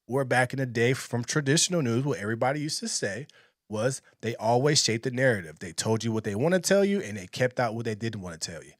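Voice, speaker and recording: A man reacts to a video clip with blunt, emphatic commentary, sharing casual opinions. His mid-range voice has lively intonation and moves fast. The sound is studio quality with no echo.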